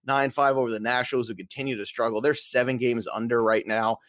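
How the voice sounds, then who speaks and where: A man co-hosting a casual sports podcast, joking and animated, laughing often as he runs through results. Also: mid-range voice, quick pace, no echo, studio quality. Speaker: podcast co-host.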